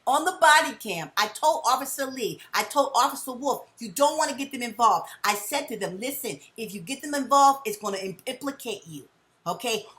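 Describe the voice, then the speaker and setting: Insistent woman with a bright voice. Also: a little high, expressive, a little fast. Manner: insistent, repeats words, keeps saying sir. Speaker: caller reporting a crime. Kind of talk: heated phone call.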